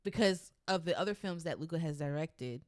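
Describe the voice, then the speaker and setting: A woman co-hosts a casual horror news podcast, hedging her points with frequent fillers. Her voice sits at an ordinary pitch and is recorded dry and close. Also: a little fast, no room sound. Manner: hesitant, hedging with "like" and "um". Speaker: podcast co-host.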